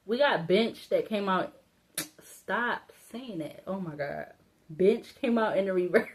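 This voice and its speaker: A woman's voice: mid-range voice, lively intonation, normal speed. A woman giving a casual solo tarot reading, thinking aloud, rambling and laughing to herself, blunt and informal. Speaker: tarot reader.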